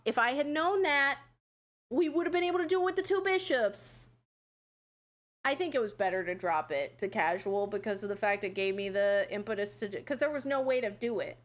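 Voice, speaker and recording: A woman's voice: fairly high pitch, fairly quick. A young woman streamer chatting casually with viewers while playing a puzzle game, swearing and laughing often. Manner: chatty, swears, laughs a lot, shrieks when panicking. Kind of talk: casual live-stream commentary.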